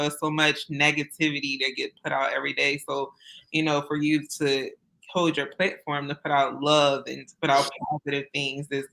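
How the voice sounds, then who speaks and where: A woman's voice: sits low, gravelly, pushed and bright. A woman guest on a radio show, earnest and grateful, sounding worn after being sick. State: recovering from illness.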